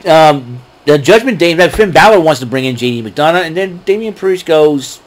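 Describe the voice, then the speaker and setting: A man's voice: a little high, lively intonation, moderate pace. A man casually recapping wrestling events, rambling with fillers and chuckling at his own jokes. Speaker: wrestling show recap host. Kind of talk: casual solo recap talk.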